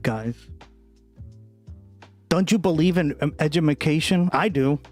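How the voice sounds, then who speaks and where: A man's voice: a little high, lively intonation, measured pace, long pauses, a little mellow, faint music behind. A man hosting a casual livestream, rambling and swearing freely as he comments, often breaking into laughter. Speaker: livestream host.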